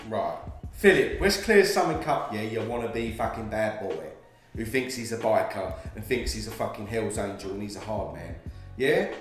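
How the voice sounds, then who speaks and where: Man, angry profane ranter, slightly high voice, booming room echo. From England. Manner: profane, confrontational ranting with slang. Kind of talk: angry ranting commentary. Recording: very echoey room.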